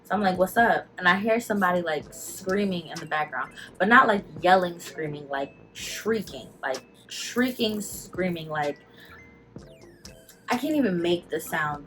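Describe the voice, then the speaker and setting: Young woman, low pitch, casual storytelling vlog, emotional, fighting back tears, faint music underneath. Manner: emotional, quick and animated, many "like" fillers. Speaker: vlogger.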